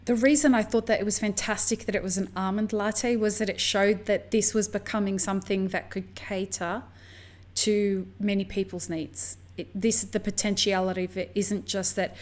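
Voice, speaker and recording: A woman from the US hosting a podcast, telling stories in a lively, chatty way. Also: mid-range voice, moderate pace. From United States. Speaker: podcast host. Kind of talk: casual conversation.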